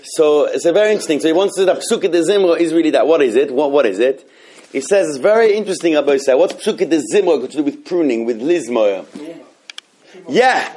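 A man's voice: fairly high pitch, lively intonation, fast talker, a little mellow, husky. Rambling man teaching a Torah class. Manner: rambling, many restarts and fillers. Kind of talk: halacha class.

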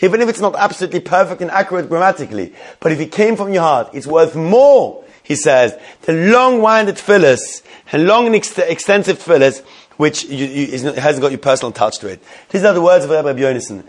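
Man, Torah class, slightly high voice, slow Hebrew reading, English explanation, frequent restarts. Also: animated. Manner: reads Hebrew text slowly, then paraphrases in English with many restarts. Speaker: Torah teacher.

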